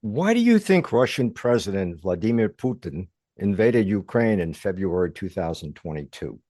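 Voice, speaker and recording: A man's voice: low voice, sing-song, moderate pace, warm tone, no echo, clean studio sound. A man asking formal interview questions, reading them out.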